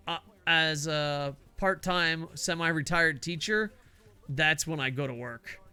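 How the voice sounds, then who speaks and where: A man's voice: medium pitch, pushed and bright, clean tone. An older man, a semi-retired teacher, rambling casually and profanely while streaming a game, laughing often. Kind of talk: casual chat while gaming.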